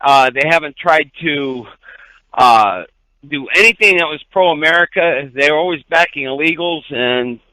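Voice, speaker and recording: Halting man calling a radio show. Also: a little high, pushed and bright, no room sound, low-quality recording. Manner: halting, hesitant, many fillers. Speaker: radio caller. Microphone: phone.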